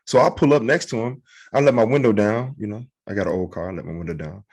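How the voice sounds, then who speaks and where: A man with a fairly low voice co-hosts a casual podcast, spinning lively comedy anecdotes. He slips into voices for the people in his stories, with animated swings in delivery. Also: quick pace, breathy edge. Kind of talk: casual storytelling chat.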